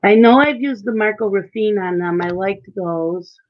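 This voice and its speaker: Woman host, casual live-stream chat while coloring, mid pitch, slightly dull home-mic sound. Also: moderate pace. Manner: chatty, reads out and answers viewer chat.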